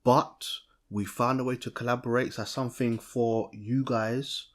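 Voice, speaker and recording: A young man, co-hosting a podcast in a lively, chatty way, often restarting mid-sentence. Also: medium pitch, normal speed. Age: young adult. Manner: animated, chatty, self-interrupting. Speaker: podcast co-host. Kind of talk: casual chat.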